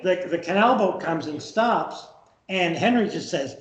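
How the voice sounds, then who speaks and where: A lively man tells a story from the front of a room and slips into the voices of the people in it. His voice sits a little high for a man. The sound bounces around a roomy hall. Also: a little slow. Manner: lively storyteller who acts out the quoted speakers. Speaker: historian giving a public talk. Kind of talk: storytelling lecture to a live audience. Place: museum room with an audience.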